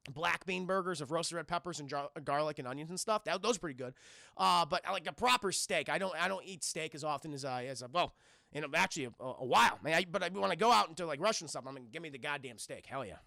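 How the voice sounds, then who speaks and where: A man's voice: on the high side, quick pace, creaky, bright, forceful tone, no echo, studio quality. A young man with a New York accent chatting casually on a livestream, rambling and swearing as he talks to his chat. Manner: rambling, profane, addresses chat constantly. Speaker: streamer answering viewer questions.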